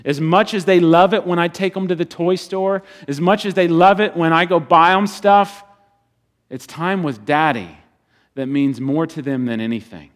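A man preaching a sermon as a pastor, swinging between loud bursts and quiet, hushed passages. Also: fairly high pitch, steady tone, moderate pace.

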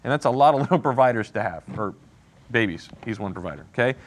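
A man's voice: mid-range voice, animated, fast. A man teaching an interactive Bible lesson, asking the class questions and often checking in with "okay?" and "right?".

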